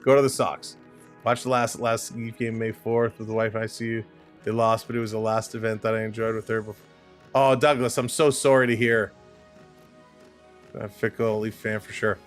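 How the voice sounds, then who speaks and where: A man's voice: lowish voice, flat delivery, normal speed, soft background music. A man hosting a live hockey stream, talking casually and emphatically, repeating points and answering chat messages. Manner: chatty, emphatic, repeats himself. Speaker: livestream host.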